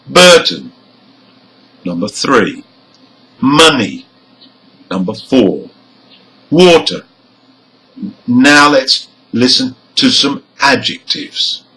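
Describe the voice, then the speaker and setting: A man teaching English word stress, reading example words one by one, marking the stressed syllables clearly and nodding on them. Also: mid-range voice, sharp tone, poor audio. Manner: nods his head up on stressed syllables. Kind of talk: slow, deliberate pronunciation lesson.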